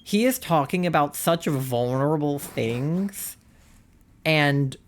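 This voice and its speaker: A streamer chatting on a live stream in an earnest, gushing way. The talk rambles, with "like" in almost every breath. The voice sits in an ordinary middle pitch. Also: lively intonation, slow pace, slight background noise. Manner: rambling, says "like" constantly. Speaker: livestreamer. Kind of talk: casual chat.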